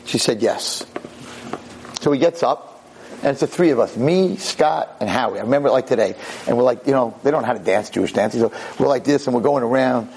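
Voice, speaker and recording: Animated rabbi telling a story. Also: male voice, medium pitch, fairly quick, a little hiss or hum, poor audio. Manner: animated, self-interrupting, wry. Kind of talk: storytelling talk to an audience.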